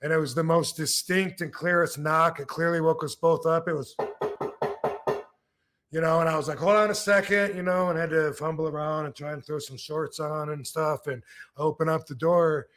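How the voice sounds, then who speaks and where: A man's voice: fairly high pitch, level tone, moderate pace, fairly bright tone, faint music behind. A man in his fifties from Michigan hosting a podcast, telling stories casually with many restarts and fillers. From Michigan, USA. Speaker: podcast host. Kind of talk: casual storytelling.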